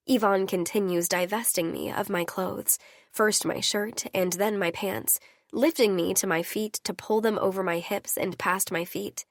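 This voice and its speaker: A woman narrating a romance audiobook in the first person, her reading intimate and unhurried. Her voice sits mid-range, recorded close and dry. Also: mid-range voice, no room sound.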